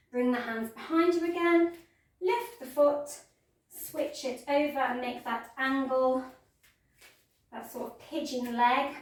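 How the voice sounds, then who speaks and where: Woman yoga teacher, playful gentle cueing, higher voice, very echoey room, mic set back. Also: recorded from a distance. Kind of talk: guided yoga class instruction.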